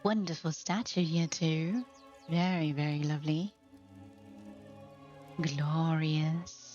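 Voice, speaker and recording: A woman with a deep, steady, slightly mellow voice speaks slowly while hosting a game housing showcase, gushing affectionately and admiringly over a gameplay tour. The audio is slightly muffled with faint music behind.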